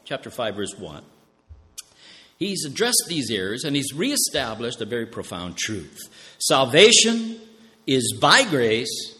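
Slow, animated preacher in a reverberant hall. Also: male voice, a little high. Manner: asks the congregation questions and answers them himself; slows down and stresses key words. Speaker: pastor. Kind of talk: sermon.

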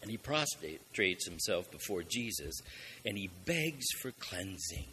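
Animated male preacher, low voice. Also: a little slow, a little hiss or hum. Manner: rhetorical questions, emphatic swells in volume. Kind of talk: sermon.

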